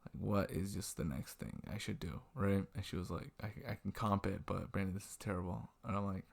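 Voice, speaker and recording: Young male vlogger, deep and gravelly, rambling and self-deprecating, webcam at night. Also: steady tone, fairly quick. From Washington state, US. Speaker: restaurant server telling a work story. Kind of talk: casual storytelling vlog. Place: indoors at a computer, late at night. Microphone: webcam mic.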